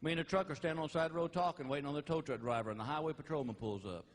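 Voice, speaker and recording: A middle-aged man doing live stand-up comedy on stage, telling stories and landing each punchline slowly and loudly. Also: a little high, long reverb tail. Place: large theater with audience. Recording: live stage recording with crowd laughter and noise. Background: audience laughing.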